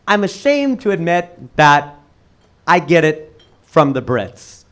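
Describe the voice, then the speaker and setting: A middle-aged man from the United States doing a stand-up comedy set to a live audience, telling stories with big swings in pitch and loudness. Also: takes it slowly. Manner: animated storytelling with big jumps in pitch and level.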